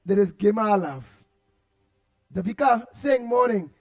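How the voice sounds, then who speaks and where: A man's voice: high voice, unhurried. A Trinidadian man hosting a radio talk show, chatting loosely and animatedly as he reads out listener comments. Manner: animated, repetitive, laughs often, loud outbursts. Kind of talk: casual radio chat reading listener comments.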